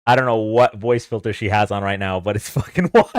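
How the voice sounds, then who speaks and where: A man's voice: fairly low pitch, fairly even intonation, fairly quick, no echo, clean studio sound. A man hosting a casual livestream, chatting loosely with fillers and easy laughs. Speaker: livestream host.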